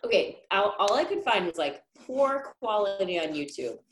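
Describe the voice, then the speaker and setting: A woman's voice: mid-range voice, sing-song, normal speed, reverberant, a little hiss or hum, poor audio. A woman guest in a casual podcast chat, talking chattily and laughing often.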